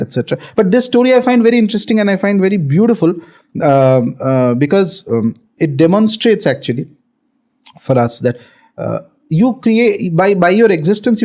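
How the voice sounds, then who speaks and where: A man's voice: high voice, mellow. A man telling a spiritual legend in a casual podcast chat, with many fillers and some Hindi phrases. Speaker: podcast guest storyteller. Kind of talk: casual spoken storytelling.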